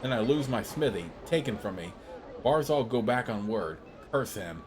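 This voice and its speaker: A man's voice: medium pitch, lively intonation, normal speed, faint music behind, close to an everyday voice. A man voicing a drunk, angry male blacksmith who grumbles bitterly in broken sentences while reading a game's dialogue.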